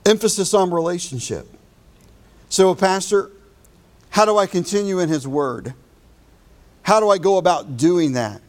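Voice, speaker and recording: A male pastor delivers a sermon in a high-pitched voice. He slows down to stress his key phrases. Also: expressive.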